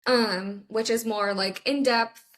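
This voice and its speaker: Unhurried woman tarot reader, laid-back. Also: fairly high pitch, steady tone, a bit bright. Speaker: podcast guest, tarot reader. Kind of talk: casual chat.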